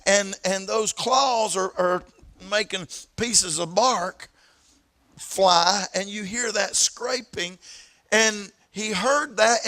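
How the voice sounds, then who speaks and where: A pastor from the southern United States with an East Tennessee accent, preaching a sermon in a storytelling way, repeating words and stretching out key phrases. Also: male voice, high voice, pushed and bright. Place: church sanctuary.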